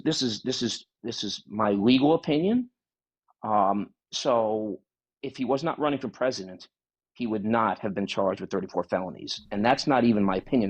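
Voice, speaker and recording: Husky, hesitant man in his forties. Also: on the low side. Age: 40s. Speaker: caller. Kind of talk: call-in debate.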